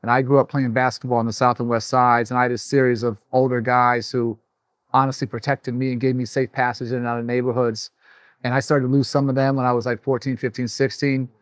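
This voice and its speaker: A man's voice: medium pitch, flat delivery, quick pace, no room sound, studio quality. A middle-aged man speaking as a guest in a casual conversation, earnest and reflective. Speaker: guest, former education official.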